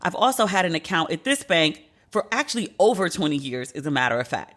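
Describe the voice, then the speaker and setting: A woman around forty hosting a solo podcast, talking in an animated, profane, venting way. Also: on the low side, quick pace. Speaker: podcast host.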